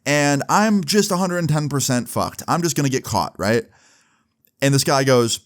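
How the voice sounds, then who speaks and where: A young man telling a personal story in a casual vlog, animated, with lots of fillers. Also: medium pitch, moderate pace. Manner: animated, swearing, fillers like "like" and "right". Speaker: vlogger.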